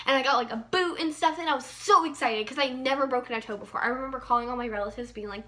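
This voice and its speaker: A young woman chats through a personal story for her vlog, full of fillers and playful bursts of emphasis. Her voice sits high and sounds bright and lively. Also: fast, hardly any pauses, slight background noise. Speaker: vlogger.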